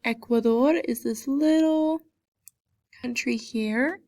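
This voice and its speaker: A young woman teaching a Spanish class, going slowly over a map and repeating each country name so students can copy how it is said. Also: fairly high pitch, warm tone, no echo, clean studio sound. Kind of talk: geography lesson over a map.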